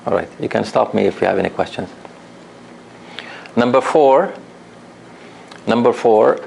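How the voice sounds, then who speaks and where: A man teaching Quran recitation to a class, patient and repeating each example slowly while asking the students questions. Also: medium pitch, gravelly, a little hiss or hum. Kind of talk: classroom lesson.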